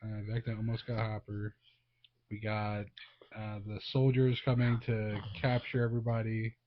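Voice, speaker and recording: A man with a lowish voice at normal speed co-hosts a casual movie review podcast as a father. He's easygoing, relaxed, and affirming, asking clarifying questions, and the recording is dull and lo-fi.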